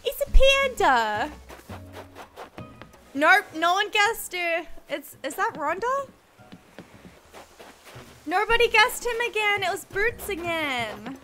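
A woman's voice: extremely high pitch, lively intonation, slow pace, pauses often, sharp tone. A young woman, chatting casually on a game livestream and gasping and squealing at each new reveal. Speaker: streamer. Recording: game music playing behind.

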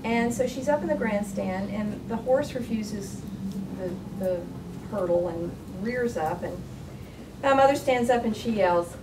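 A woman on a writers' panel telling a lively personal anecdote, laughing as she goes. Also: a little high, a little slow. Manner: storytelling, lively, laughing, with restarts. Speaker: panelist, author and writing professor. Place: lecture hall at a public panel. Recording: distant, noisy hall recording.

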